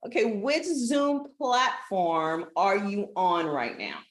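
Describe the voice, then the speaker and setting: A woman's voice: medium pitch, animated, slow pace, roomy sound. A woman hosting a casual live stream from a relative's house, chatty, laughing and easily sidetracked. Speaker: livestream host.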